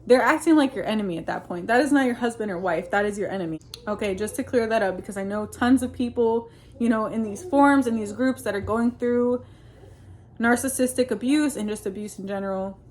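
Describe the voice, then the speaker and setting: A woman's voice: fairly high pitch, a little fast, a little mellow. A woman telling a personal story in a casual monologue. She rambles earnestly, with many fillers and restarts, and uses religious Christian phrasing. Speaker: vlogger recounting personal experiences.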